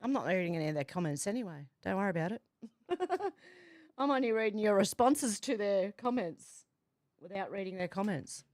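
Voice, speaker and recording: A woman's voice: medium pitch, expressive, normal speed, darkish tone, no room sound. A woman hosting a casual livestream from home, reading viewer comments aloud in a chatty, amused way. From Australia. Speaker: livestream host reading chat. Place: home, doors and windows open.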